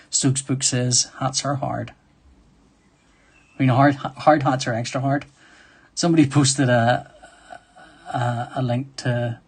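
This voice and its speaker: A man's voice: medium pitch, gravelly, breathy edge. A man hosting a live drawing stream, chatting in a rambling, self-deprecating way and reading viewer comments aloud. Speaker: livestream host drawing sketches. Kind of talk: casual chat while drawing.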